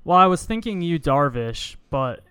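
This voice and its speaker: A man co-hosting a podcast, reading out baseball stats and guessing players in measured, casual chat. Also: on the high side, big pitch swings, pushed and bright, smooth, no room sound. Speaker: podcast co-host.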